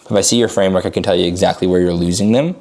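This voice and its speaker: A man coaching on a sales call, his voice low and gravelly. He talks fast and loose, with "like" in every sentence, and jumps into lively bursts when he acts out a cold call. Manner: fast casual talk full of "like" fillers; acts out calls with sudden bursts of high energy.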